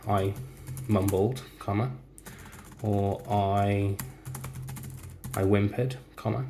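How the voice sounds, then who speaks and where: A man with a fairly low voice who teaches by dictating a story one careful word at a time, speaking every comma and full stop aloud. He talks slowly while typing at a keyboard. Faint noise sits under the recording. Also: steady tone, warm tone. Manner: slow, deliberate dictation, speaking punctuation aloud.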